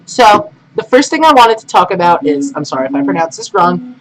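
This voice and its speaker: A man's voice: sits high, big pitch swings, a little fast, a bit bright. A man hosting a casual live stream, rambling, humming and muttering to himself as he sets up. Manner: rambling, hums and mutters while setting up. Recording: noisy home stream audio.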